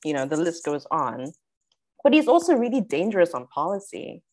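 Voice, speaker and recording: A woman co-hosting a casual panel podcast, measured and often breaking into laughter. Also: lowish voice, very animated, a little mellow. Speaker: podcast co-host.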